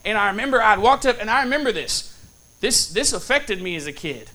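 A man's voice: high-pitched, sing-song, a little fast, bright, forceful tone. A man preaching a sermon, telling a story in a folksy, casual way and checking in with the congregation. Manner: storytelling with call-and-response asides.

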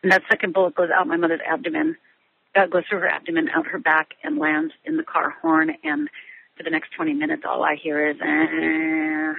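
Husky-voiced middle-aged woman on a tinny phone line. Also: deep voice, lively intonation. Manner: halting, many restarts and fillers. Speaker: guest. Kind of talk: telling a personal story in an interview.

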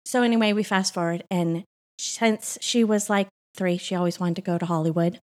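Give me a middle-aged woman co-pastor telling an animated story in an interview, laughing as she goes. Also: fairly low pitch, normal speed. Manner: animated, laughs often, acts out quoted voices. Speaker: co-pastor and podcast guest. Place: Austin church setting. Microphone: microphone on her.

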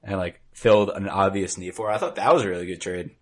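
A man's voice: deep voice, fast, a loud crowd. A man in casual sports talk with an easygoing, conversational manner.

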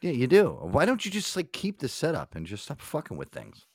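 Brief: male host, casual and profane, very expressive delivery, dry close mic. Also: on the high side, fairly quick, dry recording. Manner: animated, swears a lot, laughs often. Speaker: podcast host.

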